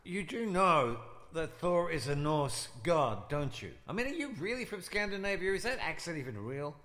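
A man's voice: fairly high pitch, very animated, moderate pace, fairly bright tone. A man doing a blunt Brooklyn partner, bossy and exasperated, with long echoey reverb. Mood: angry. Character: gruff, money-minded male business partner. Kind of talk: improvised comedy audio drama.

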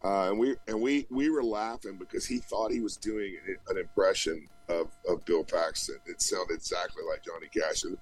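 Low-voiced man spinning a rambling story. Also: steady tone, moderate pace, few pauses, husky, soft background music, rough recording. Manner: rambling, chatty, many restarts and "you know". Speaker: touring musician guest. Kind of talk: casual storytelling interview. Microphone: remote call connection.

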